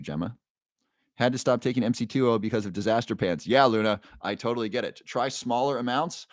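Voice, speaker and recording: Casual livestream chat from a mid-range male host who reads viewer comments aloud and cheerfully greets people by name, with many fillers. It's studio-quality audio with no room sound, on a new microphone.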